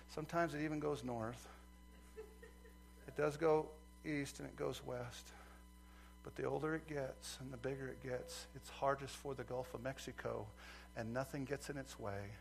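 A male preacher delivering a sermon, swinging from loud fervent outbursts to quiet earnest asides. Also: on the high side, a little hiss or hum.

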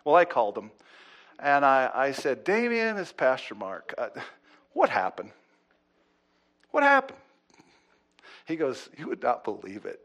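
A man preaching as a pastor, telling a story with lively acted-out quotes and swings between loud and hushed delivery. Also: mid-range voice, moderate pace. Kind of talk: sermon storytelling.

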